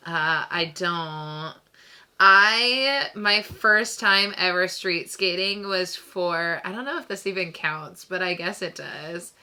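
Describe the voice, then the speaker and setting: Slow-talking bright-voiced woman co-host. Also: fairly low pitch, smooth. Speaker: podcast co-host. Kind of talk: casual chat.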